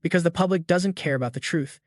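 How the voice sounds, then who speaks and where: A man's voice: a little high, quick pace, no room sound, clean studio sound, natural voice. A man voicing an arrogant, spoiled young woman in a comic recap, haughty and sneering.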